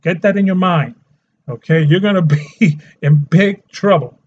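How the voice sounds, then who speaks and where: A man's voice: a little high, moderate pace, darkish tone, muffled recording. A man hosting a health channel, delivering a scolding, emphatic rant to his viewers. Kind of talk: ranting monologue.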